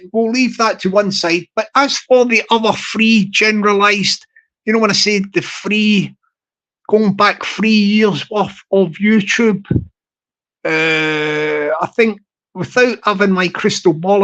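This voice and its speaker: A man's voice: sits high, a bit bright, low-quality recording. A man hosting a live stream. He rambles, repeats himself and restarts often with many fillers.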